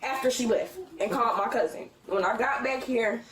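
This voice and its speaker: A young woman telling police about a fight at home, agitated and rambling, with many halting restarts. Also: on the high side, a bit bright. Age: young adult. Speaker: teen mother talking to police. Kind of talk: recounting an argument. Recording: echoey room, far from mic, crowd noise.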